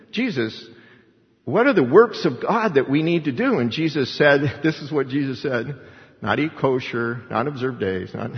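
A man's voice: mid-range voice, vocal fry. A man preaching a sermon, earnestly quoting scripture and acting out prayers with emphasis. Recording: dull sound with long hall reverb.

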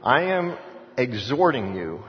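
A man's voice: medium pitch, very animated, takes it slowly. A middle-aged man preaching a sermon, telling stories and driving his points home with emphatic repetition. His voice carries through a long-echoing hall. The recording sounds dull and lo-fi. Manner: storytelling with acted-out voices of others. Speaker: pastor.

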